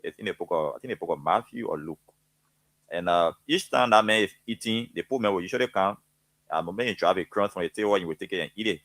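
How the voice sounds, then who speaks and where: A Liberian man appears as a guest commentator, delivering impassioned political talk in a fervent, preachy way, stirred up, emotional and repeating himself. His low-pitched voice moves at a quick pace with a slightly bright quality. The recording is dry.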